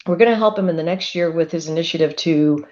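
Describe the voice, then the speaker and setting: A woman presenting on a webinar panel, speaking in a chatty, expressive storytelling way. Her voice is on the low side for a woman. The sound is muffled, as on a lo-fi call. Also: fast talker.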